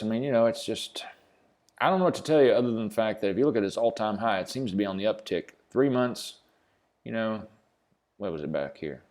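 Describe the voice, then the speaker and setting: A man's voice: on the low side, a little fast, a little mellow. A man hosting a casual crypto video, reading a script and then rambling, swearing and joking about himself. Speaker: crypto channel host. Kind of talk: casual screen-share commentary.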